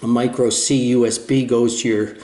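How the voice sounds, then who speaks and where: A man's voice: medium pitch, little pitch movement, normal speed, mellow. An older man with a New Jersey accent chatting casually in his home radio room, rambling and poking fun at himself with plenty of fillers and restarts. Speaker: ham radio video host. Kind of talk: casual show-and-tell chat. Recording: echoey room.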